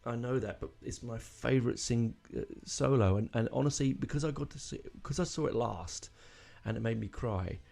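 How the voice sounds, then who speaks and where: Gravelly, mellow podcast host. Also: male voice, mid-range voice, moderate pace, few pauses. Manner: rambling, emotional, full of fillers and restarts. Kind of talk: casual solo podcast talk.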